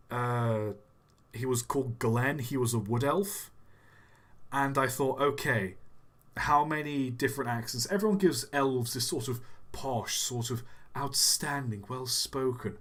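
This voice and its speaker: A man's voice: medium pitch, measured pace, fairly bright tone. A man hosting a casual live stream, chatting in a playful, self-deprecating and rambling way.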